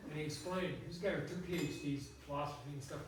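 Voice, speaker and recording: A man's voice: fairly high pitch, fast talker, noisy background. An older man, a botanist giving a public talk, telling rambling stories full of tangents and laughs. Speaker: guest speaker, botanist. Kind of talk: casual storytelling talk. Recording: echoey room, distant mic.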